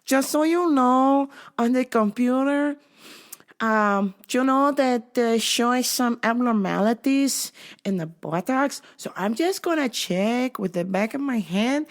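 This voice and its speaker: A woman voicing a young female airport security agent who talks in a polite, businesslike way with a raised pitch. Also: extremely slow, a little mellow.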